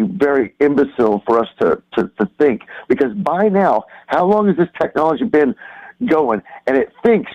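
Rambling man calling in over a dull line. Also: mid-range voice. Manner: halting, many restarts and fillers, conspiratorial. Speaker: caller. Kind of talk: rambling call-in talk.

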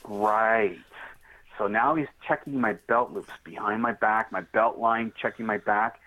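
A man guest on a podcast interview telling a story in a straightforward, animated way and acting out the dialogue. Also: on the low side, unhurried. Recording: tinny phone line.

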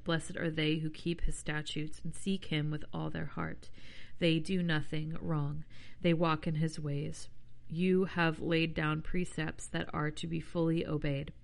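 Woman host, low pitch, reads scripture plainly, casual between passages. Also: flat delivery, unhurried, gravelly. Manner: chatty, self-deprecating asides. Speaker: podcast host. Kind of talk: reading scripture aloud with casual asides.

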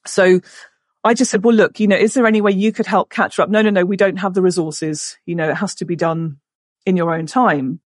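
A woman in her forties, a podcast guest, tells a personal story emotionally, halting and restarting often. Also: fairly low pitch, fairly even intonation, no room sound, clean studio sound.

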